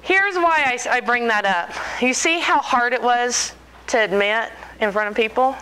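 Animated woman in her 40s, high bright voice, joking storyteller, laughs a lot. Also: normal speed, clean tone, rough recording. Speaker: speaker. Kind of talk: storytelling talk to an audience.

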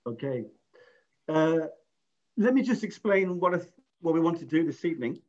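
A man's voice: a little high, expressive, moderate pace, a little mellow, a little hiss or hum. A middle-aged man from England hosting an online webinar, chatty and self-deprecating, often restarting his sentences. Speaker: webinar host. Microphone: video call. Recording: muffled lo-fi video call audio.

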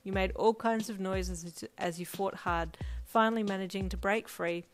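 A woman's voice: medium pitch, normal speed. Woman narrating a fanfiction audiobook. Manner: steady storytelling narration. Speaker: fanfiction reader. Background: faint lo-fi drum music.

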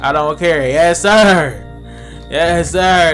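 Brief: animated young-sounding male gamer, loud and slangy, faint music bed. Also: sits high, moderate pace. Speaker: gaming YouTuber. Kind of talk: playing a voice-chat game on stream.

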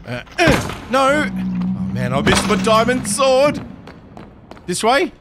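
A man giving live gameplay commentary, excitable and talking to himself, often yelping and laughing. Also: sits high, slow, long pauses, noisy background. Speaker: Minecraft streamer.

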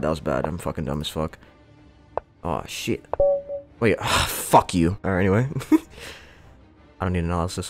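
A young man with a deep, low voice talks through his game in casual commentary, swearing and mocking himself as his frustration flares. Faint music plays softly behind him. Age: young adult. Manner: frustrated, swearing, self-mocking, jumpy outbursts. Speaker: gaming YouTuber.

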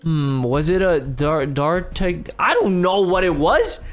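Brief: a man as a knowing lab doctor in a game roleplay, measured and calm. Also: fairly high pitch, soft background music, voice pushed down.

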